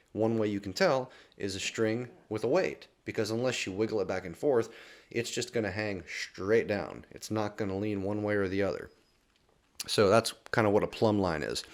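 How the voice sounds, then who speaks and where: A man with a fairly low voice walks listeners through a daily Bible reading in a relaxed, conversational way. He reads a verse, then unpacks it in everyday words, tagging his points with a questioning "right?" and often restarting his sentences. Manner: reads scripture aloud, then explains in plain terms. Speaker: Bible teacher. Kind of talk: informal Bible study talk.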